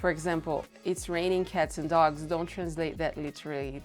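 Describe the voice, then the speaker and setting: Brazilian-accented young woman teacher, patient and deliberate, light background music. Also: deep voice, flat delivery. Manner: explains slowly, repeating example words. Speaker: Portuguese teacher. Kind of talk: language lesson.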